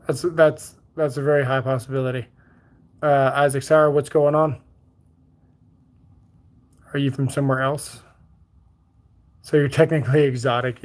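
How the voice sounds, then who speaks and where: A man's voice: mid-range voice, flat delivery, a little slow, long pauses. A man from Bermuda with a Bermudian accent mixed with Texas country, hosting a casual livestream and reading out viewer comments with loose, joking replies. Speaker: livestream host.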